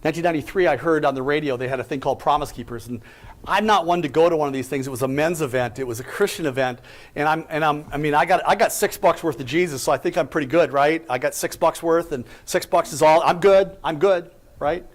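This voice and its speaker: In an inspirational speech, a company president from the United States shares his own story, punctuated by emphatic rhetorical questions. His voice sits on the high side and his pace is quick.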